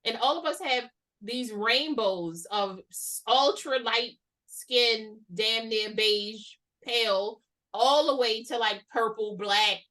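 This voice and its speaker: A woman hosting a casual conversation, animated and chatty, laughing easily. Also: a little high, takes it slowly, recorded from a distance. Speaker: host.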